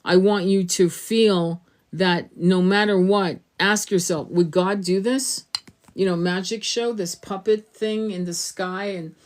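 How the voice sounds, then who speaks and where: A middle-aged woman rambles through a spiritual monologue for her tarot channel. She talks with loose, emphatic energy, swears freely, and pops into a higher voice to act out what people said. Her pitch sits in an ordinary middle range. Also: fairly even intonation, unhurried.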